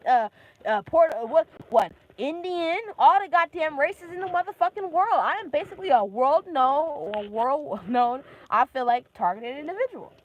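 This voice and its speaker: Casting: young woman, twenties, higher-pitched voice, angry profane phone-stream rant, faint ambient noise behind. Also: lively intonation, normal speed, highs cut off. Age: 20s. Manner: agitated, heavily profane, talks in bursts. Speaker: vlogger.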